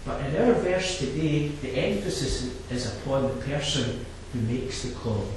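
A man preaching a sermon, swinging from low quiet asides to loud impassioned climaxes and repeating his key phrases. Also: animated, a little slow. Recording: very echoey, from a distance, faint background noise.

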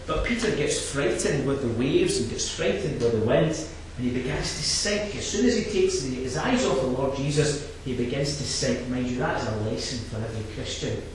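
A man with a fairly high voice preaching a sermon, dropping low and quiet before rising to loud, impassioned repeated phrases. He sounds far from the microphone in a very echoey hall, with faint noise behind him. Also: animated, moderate pace, hardly any pauses.

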